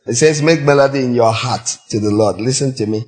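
Exhorting male preacher. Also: a little fast. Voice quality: voice cracks on high notes. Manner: exhorting, breaks into high sung demonstrations. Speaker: pastor. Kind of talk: sermon.

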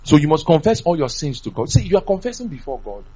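A man preaching a sermon, animated, swinging from loud to soft. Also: on the high side, fast talker, breathy edge, lo-fi sound.

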